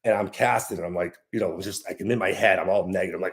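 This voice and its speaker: A young man with a slightly low voice tells a fishing story in a loose, casual monologue. He rambles, doubles back on his words and leans on fillers as he goes. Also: lively intonation, fast talker, few pauses. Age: young adult. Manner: rambling, with many fillers and restarts. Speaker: fishing guide.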